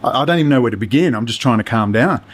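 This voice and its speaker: A man's voice: medium pitch, animated, rapid-fire. Man ranting to camera, swearing hard. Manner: heated, ranting, heavy swearing. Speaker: video blogger. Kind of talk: angry profane monologue to camera. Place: apartment indoors.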